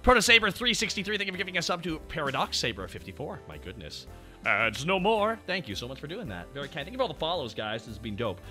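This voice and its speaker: A man hosting a casual stream chat, talking excitably and swearing freely. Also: fairly high pitch, fast, faint music behind. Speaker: streamer host.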